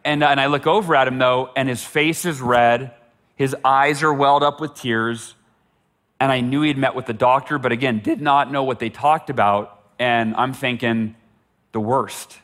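A man's voice: mid-range voice, fairly even intonation, measured pace, a bit bright. A middle-aged man telling a personal story as a motivational speaker, earnest and often repeating words for emphasis. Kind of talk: storytelling talk.

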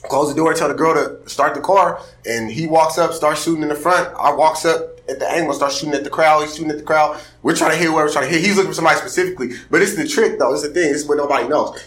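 A man from Seattle, a podcast guest, telling a story in casual talk and often checking that his listeners follow. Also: fairly high pitch. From Seattle, USA. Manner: animated, fast, keeps checking in with listeners. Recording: roomy echo.

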